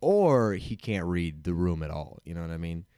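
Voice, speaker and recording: Man, very low voice, dry close mic, comedian in casual chat, acts out quotes. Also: normal speed, clean tone, no echo. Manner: animated storytelling, acts out quotes.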